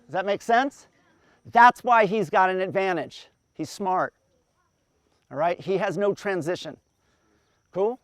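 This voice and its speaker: A man with a very high speaking voice coaches a group of athletes outdoors. He explains breathing cadence patiently, counting the steps aloud in a steady rhythm. His tone is smooth and clear, with a close, dry sound. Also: measured pace, long pauses, no room sound. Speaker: endurance coach.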